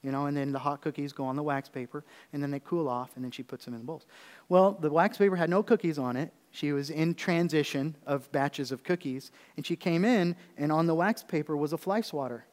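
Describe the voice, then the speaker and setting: A man's voice: a little high, brisk, a little mellow. A male preacher giving a sermon, explaining scripture with humorous asides and rhetorical questions. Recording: echoey hall.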